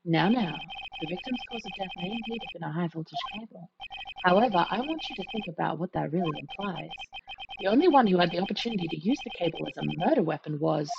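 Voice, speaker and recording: A woman voicing a smug, condescending older male prosecutor who speaks in a smooth, drawn-out way. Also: on the low side, animated, highs cut off, background noise. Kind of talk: reading a game aloud. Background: game music.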